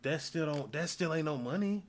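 A man's voice: on the high side, expressive, normal speed. A man from the United States in casual, profane chat, firing off rhetorical questions.

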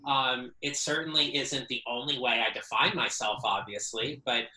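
A man's voice: mid-range voice, normal speed, sharp tone, reverberant, low-quality recording. A man speaking as an interview guest, earnest and reflective, often repeating words as he thinks. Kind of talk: casual interview.

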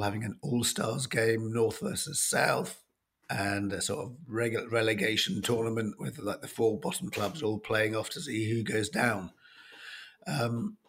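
A man in his fifties with a croaky, hoarse voice from a cold, hosting a casual sports chat with plenty of ums and restarts. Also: medium pitch. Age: 50s. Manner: halting, with many ums and restarts. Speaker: sports show host.

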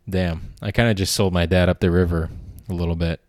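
A man talks through a loose, comedic podcast monologue, rambling from one gripe to the next with a sardonic edge and plenty of swearing. His voice sits fairly low. The sound is dry and close, with no room around it. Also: a little mellow, no echo. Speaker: podcast host.

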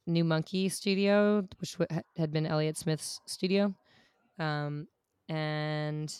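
A woman guitarist chatting casually on a podcast, relaxed and rambling with many fillers, her voice tired from long sessions. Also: low voice, clean tone, dry recording, studio quality. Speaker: guest guitarist. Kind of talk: casual chat.

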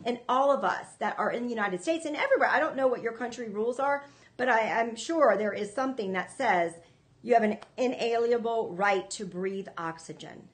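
A woman's voice: on the high side, a little fast. A woman hosting a ministry show, preaching to viewers in an earnest, emphatic way, often repeating herself. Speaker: ministry host.

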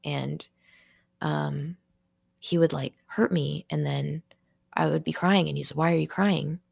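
A young woman talks alone on her podcast, her voice low-pitched and thick with vocal fry. She rambles and restarts, leaning on "like" as she works through something emotional. The sound is close and dry, with no room around it. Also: steady tone, slow, a little mellow, no room sound. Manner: emotional and rambling, heavy with filler "like"; searching, restarting sentences while processing aloud. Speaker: podcast host. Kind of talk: personal podcast monologue.

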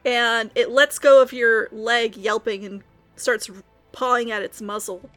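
A woman with a slightly high voice narrates a tabletop role-playing game as its game master. She paints each scene in vivid detail, with soft music playing faintly behind her. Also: fairly even intonation, a little slow, no echo.

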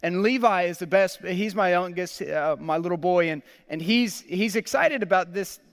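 A man's voice: sits high, moderate pace, clear, resonant tone, long reverb tail. A man in his thirties preaching a sermon as pastor. He speaks earnestly and often repeats words as he goes.

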